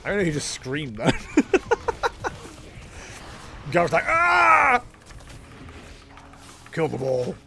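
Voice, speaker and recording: He's a gaming streamer talking casually over his play, poking fun at himself with jokey side comments. The voice is fairly high with lively intonation, fast and touched by vocal fry, over slight background noise.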